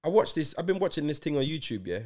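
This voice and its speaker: A man in his forties trades casual banter as a podcast co-host. His voice sits a little high and swoops widely as he tells stories. He talks in an insistent, animated way. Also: fast talker. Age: 40s.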